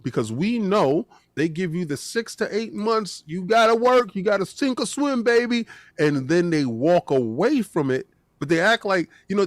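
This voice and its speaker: A man co-hosting a casual gaming podcast, animated and joking, acting out little voices in his stories. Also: fairly high pitch, dry recording, studio quality. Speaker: podcast co-host.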